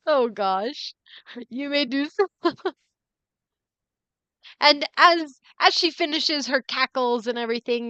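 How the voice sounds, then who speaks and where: A woman's voice: high voice, animated, slow pace, pauses often, pushed and bright, no echo, highs cut off. A woman running a tabletop game as game master, rambling with many fillers and giggling often.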